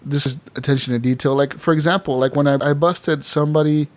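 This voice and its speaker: Animated, laughing man telling a game story. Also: a little high, quick pace. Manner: animated storyteller, acts out characters, laughs often. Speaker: podcast co-host. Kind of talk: casual gaming podcast chat.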